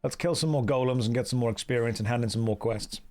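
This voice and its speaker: A young man with a Midwest American accent, chatting through a game stream at an easy middle pitch. He reads his chat aloud and answers it with dry, teasing humor, switching between jokes and quick game notes. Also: a little mellow, faint music behind. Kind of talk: casual live-stream commentary.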